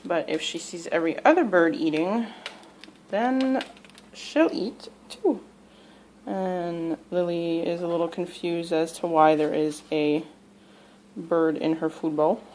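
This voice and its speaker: A woman's voice: fairly low pitch, takes it slowly, darkish tone, slight background noise, low-quality recording. A woman at home talking to her pet parrots and narrating, often cooing in baby talk to them. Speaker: pet vlogger.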